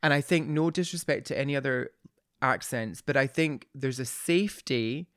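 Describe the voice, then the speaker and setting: A man's voice: medium pitch, moderate pace, fairly bright tone, dry recording, clean studio sound. Effusive, rambling male podcast host. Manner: effusive, rambling with many restarts. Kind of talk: casual interview chat.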